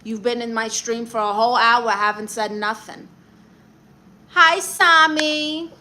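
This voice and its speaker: A brassy woman with a Brooklyn accent hosts a comedy livestream, reading viewer comments aloud and handing out blunt, sassy advice. Her voice sits fairly high and has a sharp, bright edge. A faint hiss runs under it. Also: little pitch movement, normal speed. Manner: brassy, blunt and sassy, calls people honey. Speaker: livestream host giving comic advice.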